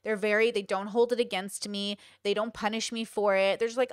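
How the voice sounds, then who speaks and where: A woman's voice: medium pitch, little pitch movement, a little fast, clear, resonant tone, no echo, clean studio sound. A young adult woman hosting a podcast, giving casual advice in an emphatic way and repeating points for stress. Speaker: podcast host.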